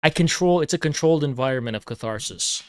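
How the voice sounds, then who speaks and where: On his livestream, a man with a higher, smooth, expressive voice talks fast as he angrily lectures his chat, aggressive, profane, and repetitive. There's no room sound at all.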